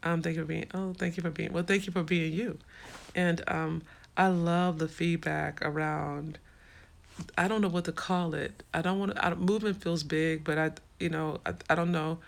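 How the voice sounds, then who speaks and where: A woman's voice: deep voice, steady tone, normal speed, creaky. A woman hosting a casual livestream, frankly answering viewer comments in a streetwise way. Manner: frank and streetwise, swears freely. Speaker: livestream host.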